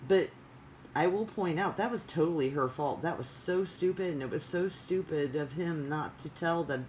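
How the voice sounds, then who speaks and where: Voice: medium pitch, normal speed, a little mellow, a little hiss or hum, poor audio. A vlogger chatting casually in a rambling, digressive way with many fillers. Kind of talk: casual chat.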